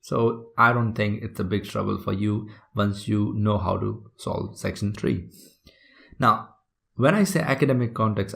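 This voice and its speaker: A man's voice: medium pitch, creaky. A man teaching a recorded exam-prep lesson, explaining step by step and often checking in with the listener. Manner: explanatory, checks in with "right?" and "okay?".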